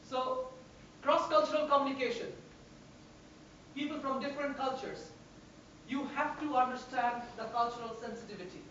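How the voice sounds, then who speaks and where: A woman's voice: high voice, normal speed, long pauses, slight background noise. A woman trainer lectures a class, leaning hard on single words and repeating herself for emphasis. She sounds far from the microphone in a very echoey room. The sound is dull and muffled. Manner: animated, emphatic, repeats phrases for stress. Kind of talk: classroom instruction. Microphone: distant room microphone.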